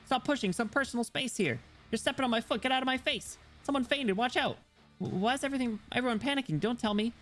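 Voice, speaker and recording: A man voicing an excited, flustered young concert fan in a game story. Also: extremely high pitch, fast, soft background music, voice pushed up.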